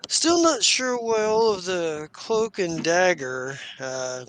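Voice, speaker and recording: A man voicing a calm, matter-of-fact smuggler captain in a tabletop game. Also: high-pitched, takes it slowly, a little hiss or hum, voice pushed up, exaggerated voice.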